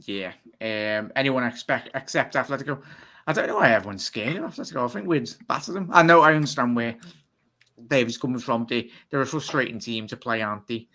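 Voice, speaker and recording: A man hosting a fan live stream, talking fast and giving chatty shout-outs. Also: medium pitch. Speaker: fan channel host. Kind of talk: live stream sign-off chat.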